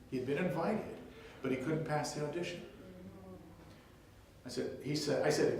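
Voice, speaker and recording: An older man giving a music workshop lecture, lively and demonstrative, telling stories and breaking into short sung snippets. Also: on the high side, moderate pace, long pauses. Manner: lively, demonstrative, tells anecdotes, sings snippets. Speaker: music teacher. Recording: very echoey, distant, faint hiss.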